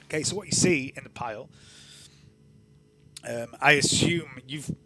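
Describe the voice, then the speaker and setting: A man running a tabletop game as game master, narrating in a relaxed, rambling way with lots of fillers. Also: medium pitch, measured pace, crowd noise.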